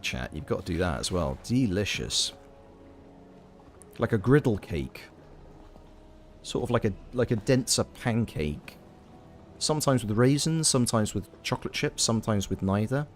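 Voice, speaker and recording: A Welsh man talking loosely to his chat while he plays, his lowish voice swinging up and down as he goes. He answers viewers and wanders off on playful tangents. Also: big pitch swings, normal speed, slight background noise. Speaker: game streamer. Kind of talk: casual live gameplay commentary.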